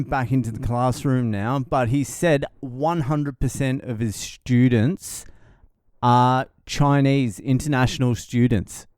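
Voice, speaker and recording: A man's voice: medium pitch, a little mellow, clean tone, dry recording, clean studio sound. A man hosting a podcast, talking in a rambling, sardonic and profane way and laughing at his own jokes. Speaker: podcast host. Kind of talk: casual monologue podcast.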